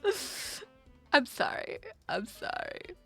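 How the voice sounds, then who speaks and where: A woman streaming a game, chatting casually, excitable, swearing, and answering chat. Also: mid-range voice, normal speed, gravelly, loud music behind the voice.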